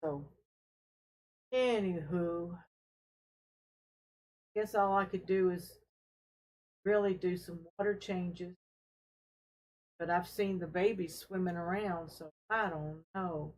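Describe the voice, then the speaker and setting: A woman hosting a casual fish-keeping live stream from her home fish room, talking in an unhurried, friendly way with fillers as she carries her camera from tank to tank. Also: lowish voice, a little mellow, low-quality recording. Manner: unhurried, friendly, talks while showing tanks, with fillers. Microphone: handheld camera she carries around.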